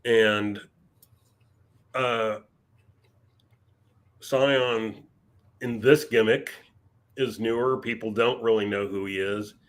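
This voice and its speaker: A man co-hosting a podcast in casual chat, talking in a measured, wry and dryly sarcastic way. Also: fairly low pitch, fairly even intonation. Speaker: podcast co-host.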